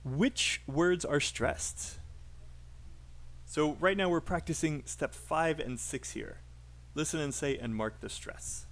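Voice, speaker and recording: A man's voice: on the high side, slow, fairly bright tone. A man teaching English pronunciation on a live stream, chatty and encouraging, calling out names from the chat.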